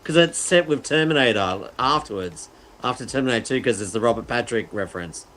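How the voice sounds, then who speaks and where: A man on a casual panel, opinionated and teasing, with a lively delivery. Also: mid-range voice, brisk.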